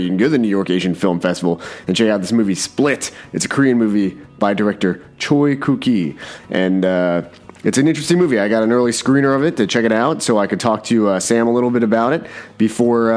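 A man's voice: lowish voice, darkish tone. A man hosting his own podcast in a rambling, self-deprecating way, often restarting his sentences. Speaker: podcast host. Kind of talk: casual podcast monologue.

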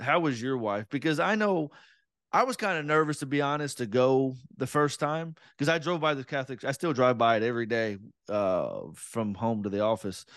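A man's voice: medium pitch, dry recording, studio quality. A man in his thirties, a podcast guest, chatting casually and telling a self-deprecating story. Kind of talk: casual conversation.

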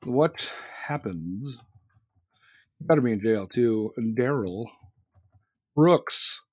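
A man's voice: mid-range voice, expressive, slow pace, darkish tone, dry recording, clean studio sound. A young man hosting a livestream, ranting sarcastically and swearing constantly while reading chat. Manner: crude, sarcastic, swears constantly, laughs at own jokes. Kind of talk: profane rant reacting to chat.

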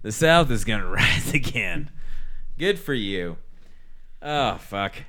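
A man's voice: lowish voice, big pitch swings, takes it slowly, sharp tone. A man in casual comedic banter, crude and profane, rambling through jokes and stories.

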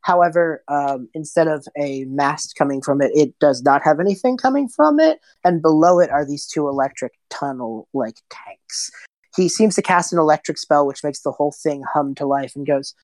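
Low-voiced woman game master. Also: expressive, moderate pace, a little mellow, dry recording. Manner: casual, descriptive. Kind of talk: narrating a tabletop game.

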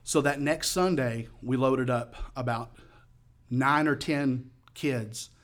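A man giving his testimony as a sermon, telling a story and acting out the voices he quotes by raising and yelling them. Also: mid-range voice, slow pace. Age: adult, past high school.

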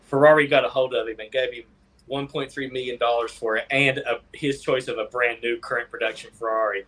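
A man on a casual movie chat stream, telling a joking anecdote with quick laughs. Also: mid-range voice, steady tone, fairly bright tone. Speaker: podcast co-host.

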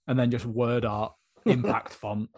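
A man's voice: mid-range voice, flat delivery, unhurried. A man co-hosting a podcast, chatting casually with wry, dry humor. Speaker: podcast co-host. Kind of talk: casual chat.

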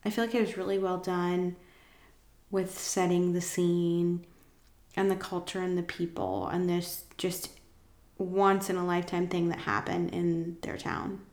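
A woman's voice: lowish voice, unhurried, darkish tone. Chatty woman in an echoey room. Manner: chatty, enthusiastic, rambling. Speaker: podcast host. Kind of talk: casual chat, reviewing TV shows.

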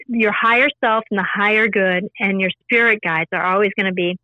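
A woman's voice: medium pitch, steady tone, fairly quick, hardly any pauses, no room sound, dull audio. A woman talking earnestly in a casual interview, explaining her spiritual practice in a repetitive, teaching way. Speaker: spiritual intuitive guest.

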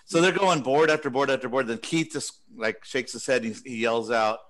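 A man's voice: mid-range voice, moderate pace, fairly bright tone. A man co-hosting an arcade collectors' podcast, chatting casually and laughing often as he tells stories. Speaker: podcast co-host. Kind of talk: casual chat.

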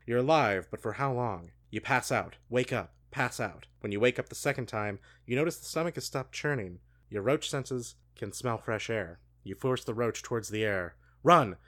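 A man co-hosting a show, reading a gamebook aloud with hushed dramatic delivery and laughing asides. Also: mid-range voice. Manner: hushed and slow when reading, then swearing and laughing in asides. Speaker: podcast co-host reading a book aloud. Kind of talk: dramatic read-aloud with banter.

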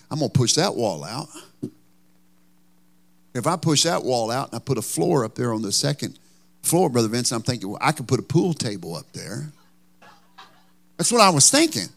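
A man's voice: mid-range voice, sing-song, moderate pace, creaky, long pauses. A man preaching a sermon as pastor, telling a folksy, joking story.

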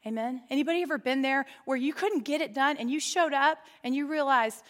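A woman's voice: sits high, a little fast. A middle-aged woman leading a women's Bible study, talking to the group in an enthusiastic, playful way. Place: church meeting room with an audience. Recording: long hall reverb.

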